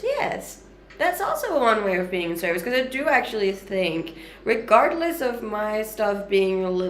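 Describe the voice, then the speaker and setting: Woman, 30s, mixed Danish/Canadian/Australian accent, mid-pitched, slightly gravelly, chatty livestream host. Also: slight background noise. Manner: upbeat, chatty, frequent light laughs. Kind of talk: casual livestream chat answering viewer comments. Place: home kitchen.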